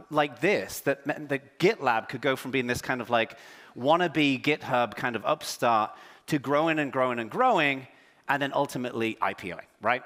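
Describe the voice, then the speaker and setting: A man from England with a half-English, half-American accent, giving a joking, self-deprecating, energetic conference keynote on stage. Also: mid-range voice, big-room sound. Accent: English with American influence. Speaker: keynote speaker. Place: large conference hall on stage.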